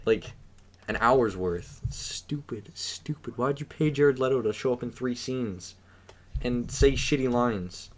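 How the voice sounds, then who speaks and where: A young man co-hosting a podcast, chatting casually, swearing freely and ranting with sudden loud outbursts. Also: mid-range voice, measured pace. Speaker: podcast co-host. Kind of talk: casual chat.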